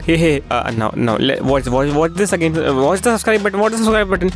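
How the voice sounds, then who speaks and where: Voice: medium pitch, fast. A young YouTuber narrating comedic commentary, profane and playful, swinging between tones. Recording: faint music behind the voice.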